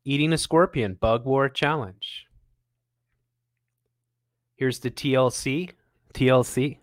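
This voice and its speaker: A man's voice: mid-range voice, slow, long pauses. A man hosting a show, giving sarcastic, mocking commentary on videos he plays and laughing often. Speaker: host. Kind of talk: casual commentary reacting to videos.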